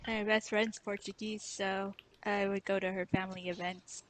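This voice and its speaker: A woman's voice: medium pitch, flat delivery, moderate pace, low-quality recording. A woman chatting on a podcast with friends in a playful, chatty way. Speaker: podcast guest. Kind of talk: casual chat.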